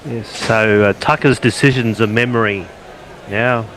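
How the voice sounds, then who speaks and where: A man adds colour to the cricket commentary in loose, halting chat, full of pauses and restarts. His voice sits low with a sharp, bright edge, and faint noise runs beneath it. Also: fairly even intonation, rough recording. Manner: halting, many fillers and restarts.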